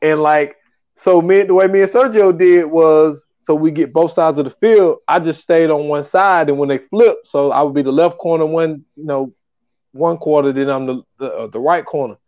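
A man's voice: on the high side, normal speed, highs cut off. A man hosting a podcast in casual chat, rambling and filling with "you know what I'm saying.". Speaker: podcast host.

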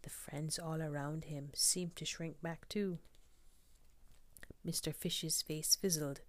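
A woman reading a children's picture book aloud, soft and often whispered, asking the listener questions. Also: sits low, fairly even intonation, takes it slowly, dry recording. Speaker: storybook reader.

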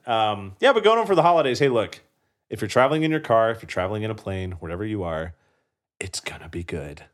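A man's voice: fairly low pitch, animated, fast. A young man co-hosting a casual chat, joking around and slipping into silly voices. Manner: playful, jokey, slips into silly voices. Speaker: podcast co-host.

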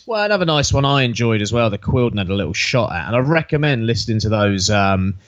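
A man's voice: lowish voice, big pitch swings, quick pace. A man co-hosting a wrestling podcast, chatty and self-deprecating in casual talk. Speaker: podcast co-host. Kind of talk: casual chat. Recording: dull dry podcast mic.

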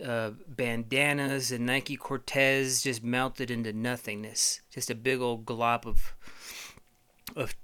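Crisp, bright-voiced rambling comic host. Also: male voice, medium pitch. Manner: profane, rambling, halting with fillers. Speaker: podcast host. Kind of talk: rambling comedic monologue.

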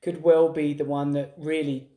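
A man's voice: on the high side, little pitch movement, normal speed, mellow, echoey room. A man in his thirties co-hosting a podcast, chatting casually and rambling through restarted sentences. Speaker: podcast co-host. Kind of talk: casual chat.

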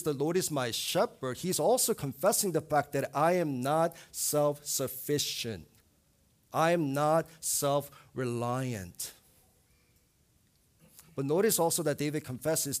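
A young adult man preaching a sermon as a pastor, earnest, with emphatic rises in pitch and volume on key points. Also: normal speed, few pauses.

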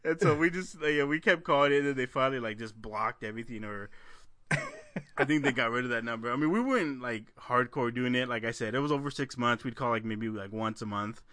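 A man's voice: mid-range voice, fast talker, sharp tone, no room sound, studio quality. A man co-hosting a podcast, telling a profane story in casual chat and breaking into laughter often. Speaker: podcast co-host.

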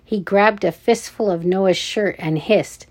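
A woman reading a children's adventure story aloud, with deliberate, measured narration. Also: medium pitch.

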